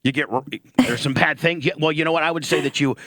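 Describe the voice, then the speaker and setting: A man's voice: on the high side, steady tone, fast talker, fairly bright tone, no room sound, studio quality. A man hosting a live radio show, bantering with a guest in a crude, teasing way. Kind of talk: casual live radio interview.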